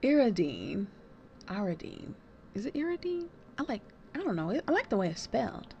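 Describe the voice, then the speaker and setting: A woman playing a game for the first time, reacting excitedly and reading dialogue aloud between her comments. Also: on the high side, moderate pace, dull audio, a little hiss or hum. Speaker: gaming video creator. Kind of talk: let's play commentary.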